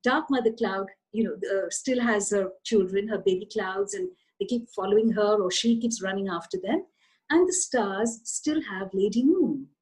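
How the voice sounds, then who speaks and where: A woman author telling a children's story in an animated, expressive way, addressing her listeners directly. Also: medium pitch, moderate pace, slightly rough, poor audio.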